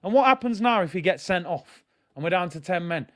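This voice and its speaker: Excitable young man in slang. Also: high voice, fairly quick. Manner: excitable, slangy, bursts into shouting. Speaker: football fan streamer. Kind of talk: live match watchalong commentary.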